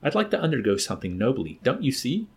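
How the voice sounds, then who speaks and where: A man voicing an earnest, lovestruck young man who rambles and pleads incoherently, with a husky voice. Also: medium pitch, sing-song, fast talker, voice pushed up, exaggerated voice. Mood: pleading.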